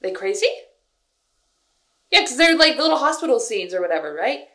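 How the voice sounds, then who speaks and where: A young woman chatting casually and excitedly as she reacts to a music video, full of "like" and "yo". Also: a little high, moderate pace. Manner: expressive, animated, lots of "like" and "yo". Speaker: K-pop reaction vlogger.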